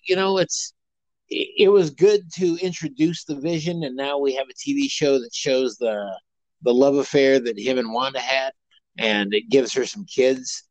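A man's voice: medium pitch, dry recording, dull audio. A man co-hosting a podcast, chatting casually and rambling with many fillers and restarts. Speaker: podcast co-host. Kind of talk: casual chat.

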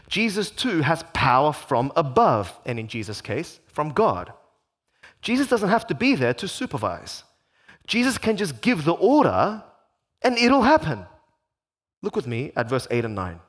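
A man preaching a sermon, repeating phrases for emphasis and posing rhetorical questions. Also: on the high side. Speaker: pastor.

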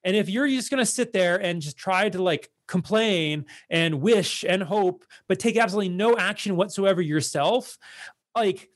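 A man with a fairly high voice delivers a blunt, exasperated monologue to his online followers. His talk is loose and full of fillers, yet he comes down firmly on each point. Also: normal speed. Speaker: online content creator.

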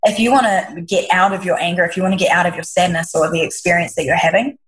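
A woman's voice: lowish voice, steady tone, quick pace, a bit bright, husky, poor audio. A woman who works as a leadership coach, answering interview questions in an earnest, reflective way, often restarting her sentences. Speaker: leadership coach, podcast guest.

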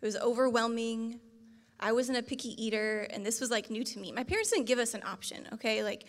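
A woman's voice: fairly high pitch, fairly quick. A woman in her thirties co-leading a sermon with her husband, telling a family story in a frank, emphatic, casual way. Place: church stage before a congregation. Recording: long reverb of a large hall.

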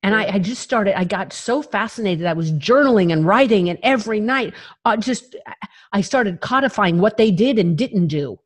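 A woman's voice: medium pitch, expressive, moderate pace. A woman guest in an interview, telling her own story in a frank, emphatic way and laughing between phrases. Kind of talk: candid personal storytelling.

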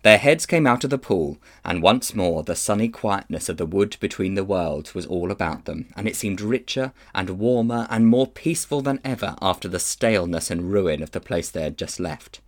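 A man reading a children's novel aloud in an expressive storytelling manner. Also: low voice, normal speed, few pauses. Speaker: children's book reader.

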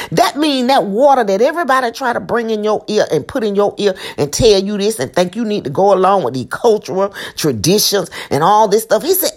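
A woman's voice: mid-range voice, sing-song, moderate pace. A woman preaching an impassioned sermon, emphatic and repeating her lines with asides to the listeners.

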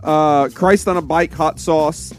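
A man co-hosting a comedy podcast, reading listener mail aloud in a halting way with many fillers. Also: fairly high pitch, fairly even intonation, soft background music. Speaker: podcast co-host.

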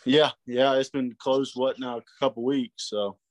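A man's voice: mid-range voice, little pitch movement, moderate pace, a little mellow, no echo. Easygoing male guest, mid-range voice, dry close recording. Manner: laid-back, easygoing. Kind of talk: casual chat.

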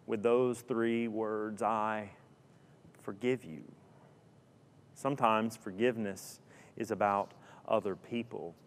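Slow, dramatic preacher in a reverberant hall. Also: male voice, medium pitch. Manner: dramatic, with rhetorical questions and sudden drops to a hush. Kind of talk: sermon storytelling.

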